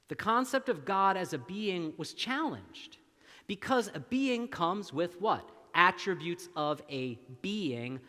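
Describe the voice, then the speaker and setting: A male minister preaching a sermon, slow and deliberate, with long dramatic pauses. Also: high voice, bright, forceful tone. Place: church sanctuary. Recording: long church reverb.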